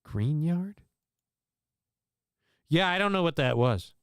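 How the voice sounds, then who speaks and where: A male livestream host, unwell after vomiting, talks through clips in casual live commentary that's rambling, crude, and self-deprecating. His smooth, clear voice sits a little high and is expressive and slow. The recording is dry and close, as if he's right on the mic.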